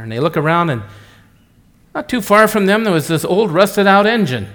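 A man's voice: high voice, big pitch swings, brisk, fairly bright tone. A middle-aged man preaching, a pastor telling jokes in a rambling, chatty way that keeps interrupting itself. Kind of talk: sermon with jokes. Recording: echoey church hall.

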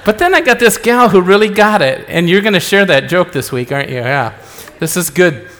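Brisk and animated, with barely a pause, a middle-aged pastor preaches in a high-pitched, fairly bright voice. He tells jokes throughout a rambling, chatty sermon that interrupts itself, recorded in an echoey church hall.

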